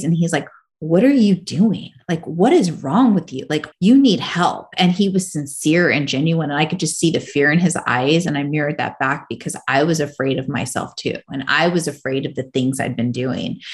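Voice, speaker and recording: A woman guest on a podcast, telling her personal story candidly in a casual, rambling way full of "like". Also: deep voice. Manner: casual, rambling, heavy use of "like".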